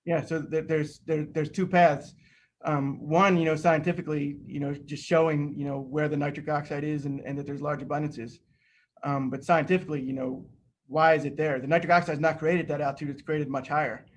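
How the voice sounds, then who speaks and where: A middle-aged man telling an anecdote during a seminar talk over a video call, lively and full of restarts. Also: fairly high pitch, a little fast, slight background noise. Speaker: seminar speaker, rocket scientist.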